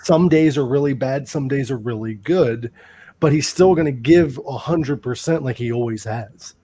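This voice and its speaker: A man co-hosting a podcast, telling stories in a loose, animated way and swearing freely. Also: medium pitch, normal speed, slightly rough. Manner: animated storytelling, heavy swearing. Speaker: podcast co-host. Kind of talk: casual chat.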